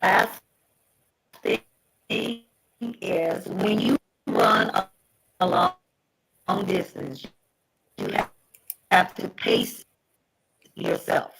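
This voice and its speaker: A woman's voice: mid-range voice, huge pitch swings, gravelly, a bit bright, slight background noise. A woman presenting on caregiving during a livestream over a call, earnest and repeating herself as she goes. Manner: slow, earnest, repeats words. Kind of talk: encouraging talk on a livestream.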